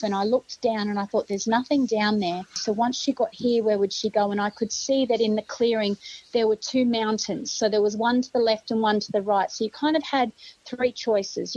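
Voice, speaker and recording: A middle-aged Australian woman, a grandmother, vividly retelling a tense search in an interview and acting out her own shouts and thoughts. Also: on the high side, dry recording. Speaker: grandmother of a found child. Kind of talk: emotional interview storytelling. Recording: dull lo-fi sound.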